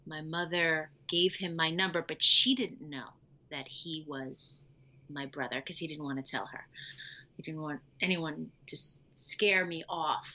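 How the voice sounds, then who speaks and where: A woman tells her own story as an interview guest, slipping into the voices of the people she quotes. Her voice sits a little low but comes across bright and forceful. The recording sounds dull and lo-fi. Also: measured pace. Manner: animated, acts out quoted dialogue.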